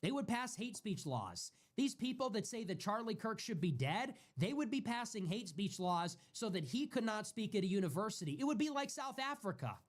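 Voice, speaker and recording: A man's voice: sits high, very animated, normal speed, few pauses. A man hosting a livestream, ranting in a heated, profane way and repeating himself for emphasis. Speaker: livestream host. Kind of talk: heated solo livestream rant.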